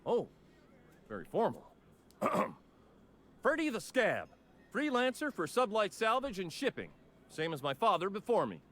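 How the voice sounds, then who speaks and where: A man's voice: high-pitched, huge pitch swings, unhurried, long pauses, fairly bright tone, heavily acted. An actor voicing a petty, hotheaded male junk salvager in a video game, with a whiny, indignant manner. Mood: blustering.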